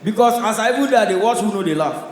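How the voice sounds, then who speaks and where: Loud Nigerian stand-up comedian, echoey venue. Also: male voice, high voice, lively intonation, rapid-fire, slight background noise. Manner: loud, punchy storytelling in pidgin. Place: comedy stage.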